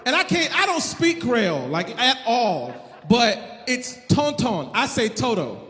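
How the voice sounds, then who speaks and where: High-voiced, animated male stand-up comic. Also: a little slow, a faint crowd. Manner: animated, loud, punchy. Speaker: stand-up comedian. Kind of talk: stand-up comedy. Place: live comedy venue. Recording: long hall reverb, faint noise.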